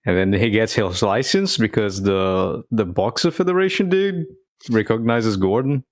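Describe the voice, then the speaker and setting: A man's voice: lowish voice, expressive, normal speed, no room sound, clean studio sound. A man co-hosting a podcast in casual chat, talking loosely with swearing and frequent restarts. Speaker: podcast co-host.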